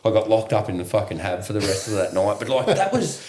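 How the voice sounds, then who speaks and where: Aussie guy cracking up while he tells a war yarn, swears a lot, lowish voice, echoey room. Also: fast talker, slight background noise. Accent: Australian. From Australia. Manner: profane, laughing, animated storyteller. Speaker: veteran guest. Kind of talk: casual storytelling.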